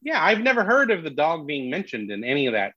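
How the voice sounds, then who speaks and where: A man, a comedian, telling a story in casual podcast chat, animated and full of restarts. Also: fairly high pitch, fast, dry recording. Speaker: comedian guest. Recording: dull lo-fi dry sound.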